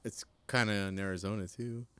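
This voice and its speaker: A man's voice: on the low side, fairly even intonation, fairly quick, fairly bright tone, smooth, no room sound, studio quality. A man from Southern California co-hosting a podcast, blunt and dismissive in casual chat, swearing freely. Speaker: podcast co-host.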